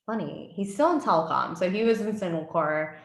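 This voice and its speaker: A chatty woman in her thirties talks through her career as a podcast guest, laughing easily along the way. Her voice is low for a woman, and the room around her sounds echoey. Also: unhurried. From US military family. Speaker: guest, former communications advisor. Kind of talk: casual chat.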